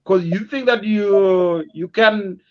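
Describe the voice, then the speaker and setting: A man speaking as a talk show guest, measured and hesitant with many fillers. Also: high voice, lo-fi sound.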